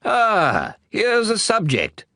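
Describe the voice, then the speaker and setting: A man's voice: on the high side, big pitch swings, moderate pace, fairly bright tone, dry recording, studio quality, voice pushed up, full character voice. A man voicing a proud, pompous old king who gives stiff, grand commands. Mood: commanding.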